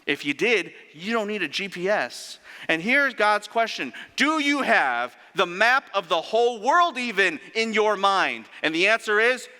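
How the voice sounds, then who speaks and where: A man preaching a sermon in an animated way, firing off rhetorical questions and sarcastic asides. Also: sits high, measured pace, few pauses. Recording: long reverb of a large hall.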